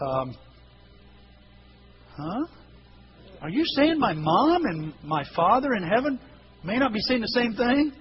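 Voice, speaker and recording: A male pastor preaching a sermon, telling stories with lively acted-out voices and sudden shouts. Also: high-pitched, slow, long pauses, music in the background. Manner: animated storytelling, acting out voices with shouts. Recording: dull lo-fi recording with hiss.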